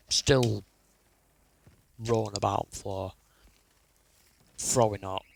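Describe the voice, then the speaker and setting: A man's voice: lowish voice, creaky, a bit bright, low-quality recording. A young man, telling a rambling, sweary personal story in a casual way. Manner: rambling, sweary, restarts a lot.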